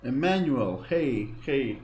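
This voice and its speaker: A man's voice: medium pitch, animated, takes it slowly, darkish tone, low-quality recording. A tired man chatting to viewers while streaming a game, repeating phrases as he talks. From Greece. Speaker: gaming streamer. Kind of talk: casual live gameplay chat.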